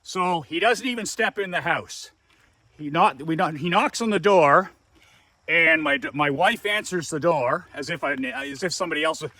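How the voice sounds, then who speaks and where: Brief: man, storyteller, emphatic repeats, slightly high voice, tense bright edge, dry close sound. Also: moderate pace, no room sound. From Canada. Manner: emphatic, repeats words for effect. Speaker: business coach telling a story. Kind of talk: casual storytelling.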